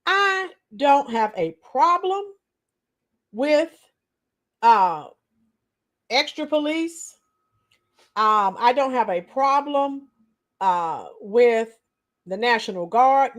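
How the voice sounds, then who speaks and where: Chatting casually on her livestream, a woman with a high-pitched voice calls out viewers by name as they join. After a week of teaching, her voice sounds slightly strained, and she clears her throat now and then.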